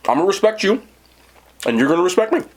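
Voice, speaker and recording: A man with a husky voice tells a long story in a lively way, his pitch jumping up and down. He talks straight to his chat in a casual, animated tone, as a host of his own eating show. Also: fast talker. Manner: animated, talks to viewers directly. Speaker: mukbang host.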